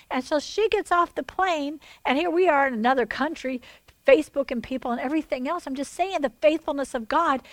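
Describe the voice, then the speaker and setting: High-voiced woman preaching with dry sound. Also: no echo, low-quality recording. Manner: animated, voices God and others in quoted asides, swings between loud and hushed. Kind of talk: sermon.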